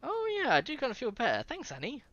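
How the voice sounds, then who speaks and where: A woman's voice: high voice, huge pitch swings, quick pace, fairly bright tone, no echo, lo-fi sound, pitched above the performer's own voice, full character voice. A reader voicing a wary young woman.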